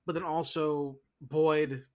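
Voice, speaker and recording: A man's voice: a little high, little pitch movement, slow, over a noisy crowd. Profane, rambling podcast co-host man. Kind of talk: casual chat.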